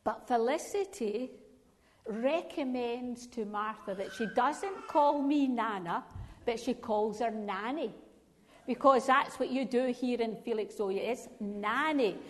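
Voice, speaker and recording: A woman's voice: fairly high pitch, slow pace, long reverb tail, a little hiss or hum. An older woman with a Scottish accent, a grandmother giving a chatty talk to a church congregation and asking them questions. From Scotland. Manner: chatty, storytelling, asks the audience questions. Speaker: Salvation Army speaker.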